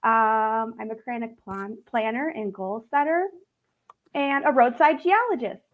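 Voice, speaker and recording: A middle-aged woman guest on a video call, warm and emotional as she introduces herself. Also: fairly high pitch, measured pace, narrow, tinny audio. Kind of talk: casual self-introduction.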